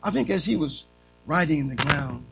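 A man preaching a sermon, swinging from loud emphatic peaks to soft, hushed lines. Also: fairly high pitch, animated, normal speed, creaky, over loud music, low-quality recording. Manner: swings between shouting and soft, dramatic delivery.

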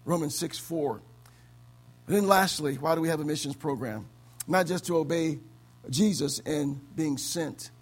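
A man from the States preaching a sermon as pastor, swinging between loud exclamations and low, quiet stretches. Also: a little slow, faint music behind. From United States.

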